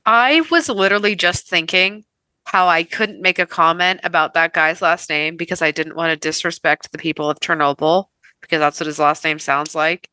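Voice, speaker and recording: A woman with a bright, sharp voice jokes and swears bluntly as a podcast co-host. The sound is dry and close, with no room echo. She talks in a casual, offhand way. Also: fairly low pitch, normal speed, clean tone. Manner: blunt, profane, joking.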